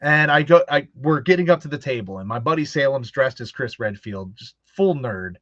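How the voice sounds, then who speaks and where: A man's voice: mid-range voice, lively intonation, normal speed, fairly bright tone, dry recording. A man hosting a casual chat, telling stories animatedly and acting out quoted voices, with frequent laughs. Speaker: host. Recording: dull lo-fi dry sound.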